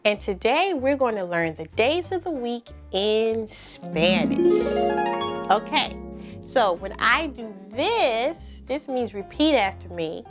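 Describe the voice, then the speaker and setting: A woman teaching a preschool circle-time lesson, speaking slowly and clearly with lots of encouraging praise for the children. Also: on the high side, sing-song, over music. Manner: slow, exaggerated, encouraging teacher talk.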